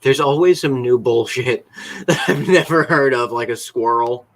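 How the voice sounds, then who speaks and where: A man's voice: medium pitch, a little slow. A man co-hosting a casual live show, telling a funny everyday anecdote in a laid-back way, with casual swearing. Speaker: podcast co-host. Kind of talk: casual chat. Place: lives in a Florida college town.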